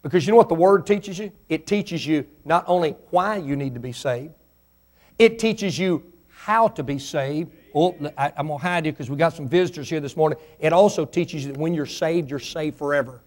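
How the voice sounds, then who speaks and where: A man preaching a sermon as pastor in a church, with sudden swells in pitch and volume, acting out questions from imagined listeners. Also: normal speed, a little mellow.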